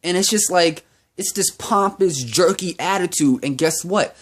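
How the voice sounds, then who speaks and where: A man's voice: high-pitched, measured pace, husky. A young man ranting in a vlog monologue, profane and heated, repeating himself as he goes. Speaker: vlogger.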